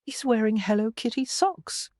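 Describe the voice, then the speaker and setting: A woman's voice: fairly low pitch, animated, moderate pace, a little mellow, no echo, clean studio sound, lightly acted. A woman voicing a confident, teasing Texan businessman in an audiobook, with an easygoing, wry manner.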